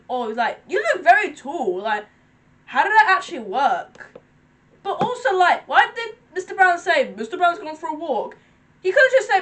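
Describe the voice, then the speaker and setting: Excitable, giggly woman commentating a reaction video, high voice that bounces around. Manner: excitable, giggly chatter with frequent laughs.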